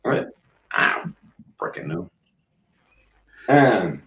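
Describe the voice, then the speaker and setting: A man's voice: mid-range voice, big pitch swings, slow pace, pauses often, fairly bright tone. A man chatting on a livestream, teasing the others and giggling often. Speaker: guest. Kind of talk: casual chat. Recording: echoey room, faint noise.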